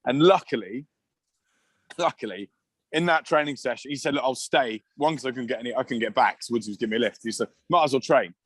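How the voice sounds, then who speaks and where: A middle-aged man spins long, rambling stories in a relaxed podcast chat, full of restarts and chuckles. His voice sits at a middle pitch. It is recorded close and dry, with no room sound. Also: fast talker, slightly rough, dry recording. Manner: rambling anecdotes with many restarts and laughs. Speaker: guest, former rugby player. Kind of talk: casual storytelling chat.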